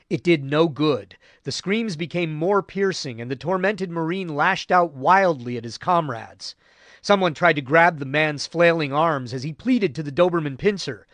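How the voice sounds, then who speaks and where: A man narrating a war history audiobook in a measured, grave storytelling voice. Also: a little high, lively intonation, fairly bright tone, no echo. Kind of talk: scripted narration.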